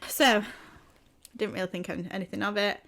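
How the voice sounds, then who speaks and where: A woman's voice: medium pitch, flat delivery, fairly quick, vocal fry, fairly bright tone. A young woman, co-hosting a podcast, telling a long story in a rambling way with lots of "like" and casual swearing. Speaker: podcast co-host. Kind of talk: casual chat.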